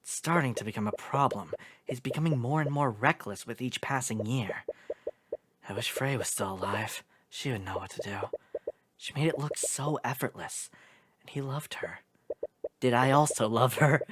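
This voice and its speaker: A woman voicing a worried young woman protagonist, speaking her thoughts low and half-whispered. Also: normal speed, noisy background. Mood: brooding.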